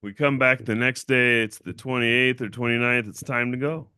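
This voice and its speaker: A man hosting a casual livestream, telling a story in a blunt, profane, animated way and acting out other people's voices. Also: medium pitch, moderate pace, clear, resonant tone, dry recording, clean studio sound. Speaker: channel owner and host.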